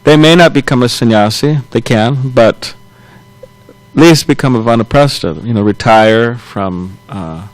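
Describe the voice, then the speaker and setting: A man's voice: medium pitch, dry recording, poor audio. Man telling a scripture story, chuckling. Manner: loose, halting retelling with chuckles and self-corrections. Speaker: temple class speaker.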